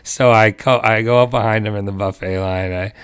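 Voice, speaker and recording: A man co-hosting a podcast, telling a story in a casual, animated way, laughing often and acting out the voices of the people he quotes. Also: fairly low pitch, a little fast, clean tone, no room sound. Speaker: podcast co-host.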